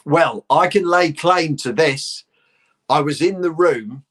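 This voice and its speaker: A middle-aged London comedian with a posh southern English accent guests on a casual chat, telling lively stories while swearing freely and laughing. His voice is on the high side, and he speaks at a slow pace.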